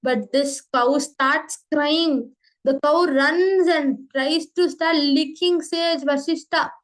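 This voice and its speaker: A woman telling a spiritual story in a slow, earnest way, addressing her listeners. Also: high voice, rough recording.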